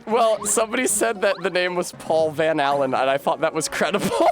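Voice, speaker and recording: A man's voice: sits high, brisk, over music. A man with a Rhode Island accent, chatting casually and wordily while streaming a game. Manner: articulate, wordy, self-mocking. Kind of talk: casual gaming livestream chat.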